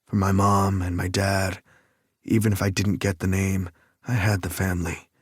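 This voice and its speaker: A man narrating a romance audiobook in first person, measured and even. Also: low voice, husky, no echo, clean studio sound.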